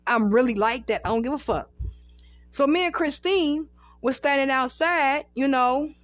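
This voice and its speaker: A woman's voice: sits high, moderate pace. A woman in her thirties hosting a podcast, telling a rambling, profane story in casual chat. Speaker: podcast host.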